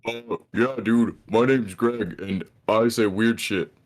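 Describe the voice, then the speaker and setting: A man's voice: fairly low pitch, slow pace. A man on a call doing a goofy impression of a friend, with a drawling, slangy bro manner. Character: loud dude-voiced impression of a young man.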